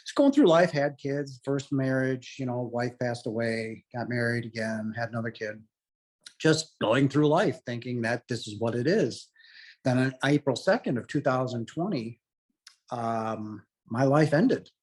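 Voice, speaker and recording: A man's voice: mid-range voice, unhurried. A middle-aged man earnestly telling his personal story as an interview guest, rambling along with lots of "you know" fillers.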